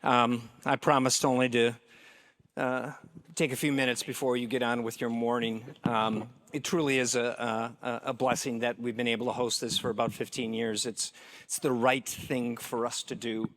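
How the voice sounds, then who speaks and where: A man, a care pastor, giving a welcome talk and telling a story into a microphone, halting with fillers and restarts. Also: medium pitch, little pitch movement, fairly bright tone. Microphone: handheld microphone.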